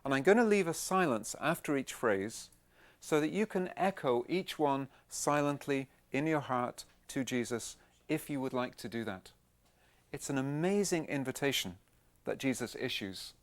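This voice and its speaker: At a camp, a man with a somewhat high voice gives a Christian teaching talk. He speaks plainly and conversationally, gently persuading his listeners.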